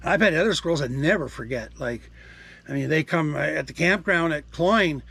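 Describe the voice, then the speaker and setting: A gravelly, husky man in his sixties talks casually outdoors at a campsite, with a slightly high voice. He rambles loosely from story to story and turns aside to talk to the animals nearby. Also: expressive, normal speed, bright, forceful tone, no echo. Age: 60s. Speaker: vlogger. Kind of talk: casual outdoor vlog chat.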